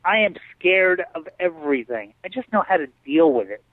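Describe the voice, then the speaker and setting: On a video call, a man with a fairly high voice tells stories as a guest in a casual interview, acting out what other people said in an animated way. He talks at a normal speed, and the call audio is dry and tinny with no echo.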